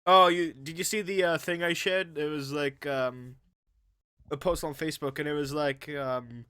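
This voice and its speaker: A man's voice: on the high side, steady tone, moderate pace, bright, forceful tone, clean tone, no room sound. A young man from Canada hosting a casual anime review chat, rambling with lots of fillers and restarts. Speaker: host.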